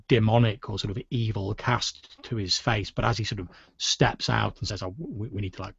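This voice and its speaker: A low, gravelly and husky man narrates as game master, leaning on "sort of" as he lays out each scene. The recording is dry and dull, with a lo-fi feel. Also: no room sound. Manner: descriptive, with frequent "sort of" hedges.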